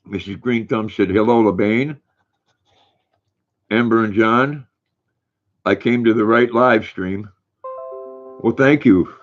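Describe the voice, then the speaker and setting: An older man hosting a casual livestream, reading viewers' comments aloud in a relaxed, folksy way. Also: lowish voice, slow pace, pauses often, soft background music. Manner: relaxed, folksy, reads viewer names and messages. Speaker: livestream host. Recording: dull lo-fi stream audio.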